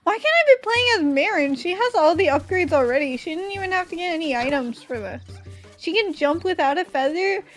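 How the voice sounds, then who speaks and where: A woman streamer commenting on a video game, excitable and swearing freely. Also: very high voice, brisk, soft background music. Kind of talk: game let's play commentary.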